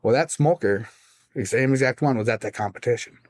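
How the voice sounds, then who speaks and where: A man, a guest pitmaster, telling his story in casual, animated chat on a studio podcast. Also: medium pitch, a little fast, dry recording. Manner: animated, acts out voices in his stories.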